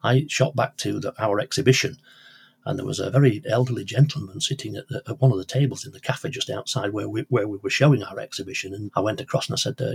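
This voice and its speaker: Gravelly, husky older man. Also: fairly low pitch, fast talker. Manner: rambling, anecdotal, many restarts. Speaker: pirate radio collector and presenter. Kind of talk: conversational interview storytelling.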